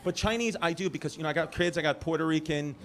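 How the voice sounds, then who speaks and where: On a comedy club stage, a Brooklyn-born man does fast, brash crowd work in a New York accent, teasing people and wandering off on rambling tangents. His voice runs on the high side and a bit bright. The live recording has a little hiss or hum, with the crowd laughing.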